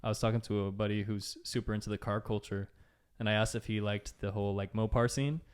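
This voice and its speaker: A man's voice: lowish voice, fairly even intonation, fast talker, smooth. Young man, Midwestern accent, podcast host, playful, joking, casual chat. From Iowa, US Midwest.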